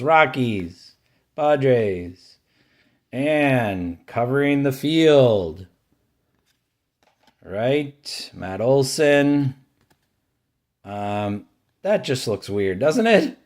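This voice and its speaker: In casual pack-opening commentary, a man who runs a card-collecting channel goes card by card, keeping his verdicts dry. His voice rises and grows brighter whenever his favorite team turns up.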